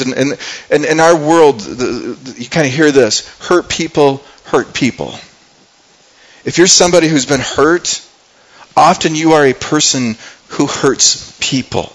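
An earnest male preacher with a slightly higher voice works through a story from the pulpit. He talks like a conversation, stumbles over repeated words, and slips into quoted lines to act them out. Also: a little slow, rough recording. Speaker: pastor. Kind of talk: sermon.

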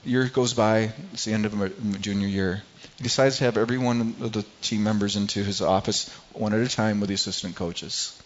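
A man preaching a sermon, telling a personal story in a halting way, often repeating words and growing quiet at painful moments. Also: fairly low pitch, fairly even intonation, a little hiss or hum. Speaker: pastor. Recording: slightly dull lo-fi sound.

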